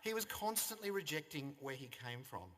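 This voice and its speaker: A man's voice: fairly high pitch, expressive, moderate pace, fairly bright tone, a little hiss or hum. An Australian man in his fifties giving a eulogy at a funeral service, telling anecdotes with wry humour. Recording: long reverb of a service hall.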